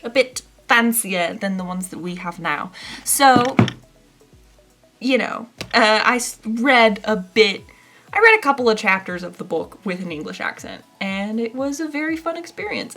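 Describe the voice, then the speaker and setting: A young woman chatting casually as she reviews a book, rambling a bit and filling her pauses with ums. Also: a little high, a bit bright. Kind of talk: casual chat.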